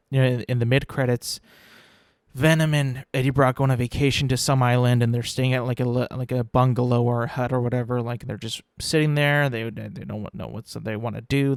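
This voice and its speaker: A young man hosts his own podcast, talking casually on his own in solo commentary. He rambles, repeats words, and swears now and then. His mid-range voice comes through a dry, clean studio recording.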